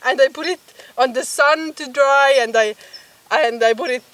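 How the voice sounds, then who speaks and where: A woman's voice: sits high, moderate pace, fairly bright tone, dry recording. A woman photographer telling a story to the camera outdoors by a bog, giggling often as she talks. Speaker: photographer and vlogger. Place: outdoors by a bog, with bugs around. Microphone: camera mic, filmed outdoors. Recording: voice a bit distant from the camera mic.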